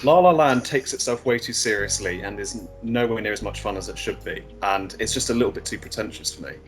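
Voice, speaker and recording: A man's voice: lowish voice, a little fast, faint music behind. A man co-hosting a casual movie chat, blunt, opinionated and jokey. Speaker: co-host.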